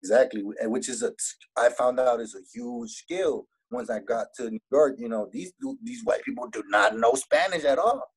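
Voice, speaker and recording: A young man from Laredo talks in a relaxed, husky voice with a Texas border Mexican-American accent. He speaks as a rapper being interviewed, sliding between English and Spanish. His pitch sits in an ordinary middle range. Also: normal speed, poor audio. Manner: laid-back, switches between English and Spanish. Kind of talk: casual interview chat.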